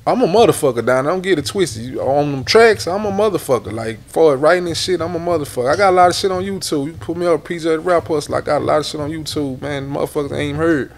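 A man's voice: a little high, fast talker, hardly any pauses. A middle-aged man with a Houston accent, a rapper telling long rambling stories in a casual interview, repeating words and swearing often. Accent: Houston Southern. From Houston, Texas.

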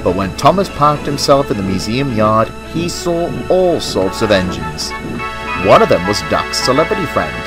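A man narrating a children's storybook tale about engines in a gentle, expressive way. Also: lowish voice, moderate pace. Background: music.

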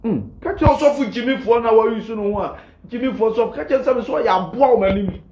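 Ghanaian male pastor, high voice, heated preaching, defiant and combative. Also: fairly quick, dark tone, roomy sound, lo-fi sound. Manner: mixes Twi and Pidgin English, fiery and defiant.

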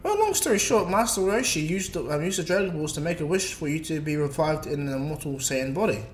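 A man voicing a clever, chatty adult woman inventor in a high falsetto. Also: expressive, echoey room, a little hiss or hum, close to an everyday voice. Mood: explaining. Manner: high-pitched, brisk falsetto.

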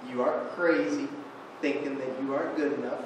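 A young man preaches as a guest in a church sanctuary, recounting a fishing story with self-deprecating humor. His medium-pitched voice is fairly even in intonation and a little fast, and the distant recording is echoey and noisy.

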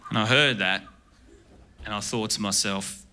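An Australian man doing a stand-up comedy set in a club, rambling and deadpan, often breaking off mid-sentence. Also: on the low side, a little slow, noisy background. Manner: rambling, deadpan, self-interrupting. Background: audience laughter.

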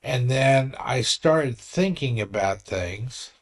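Slow-talking man in his sixties. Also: mid-range voice, animated. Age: 60s. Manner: earnest, rambling storytelling with restarts. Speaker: vlogger. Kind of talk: casual vlog talk.

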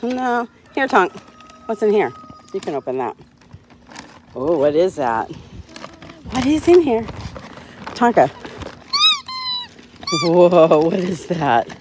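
A woman's voice: on the high side, a little hiss or hum. A woman hosting a casual livestream, talking cheerfully to her dogs and laughing often. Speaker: dog owner hosting a livestream.

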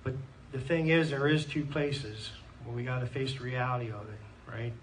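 A man's voice: mid-range voice, fairly even intonation, moderate pace. Earnest Pennsylvania man preaching, scripture and amens, distant mic in a church. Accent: Pennsylvania American. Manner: earnest, reads scripture aloud with frequent amens. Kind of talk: sermon. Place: church hall. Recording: distant mic in a church with faint room noise.

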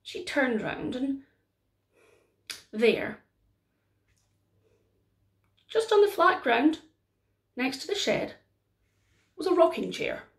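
A woman storyteller with a fairly high voice, telling a folk tale slowly and unhurriedly. She leans into the story with gentle drama. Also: big pitch swings, creaky.

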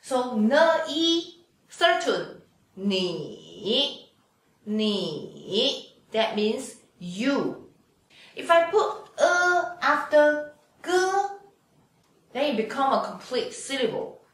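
This Chinese teacher's voice is a little high and fairly bright, with big pitch swings. She runs a slow pinyin lesson, patiently drawing out sounds for students to echo back. The recording is very echoey, her voice off mic.

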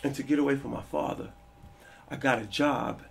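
A man in his forties telling stories from his past in a casual interview, animated and quick to act out the people in them. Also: medium pitch, a little hiss or hum. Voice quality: gravelly, husky. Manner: animated, acts out quoted people with a raised voice. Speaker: interview guest.

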